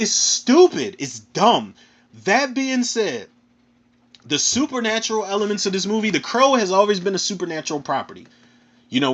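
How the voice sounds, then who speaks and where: A man with a Philadelphia accent ranting casually through a film review, animated and profane, ending his phrases with "man". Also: fairly high pitch. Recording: dull lo-fi recording.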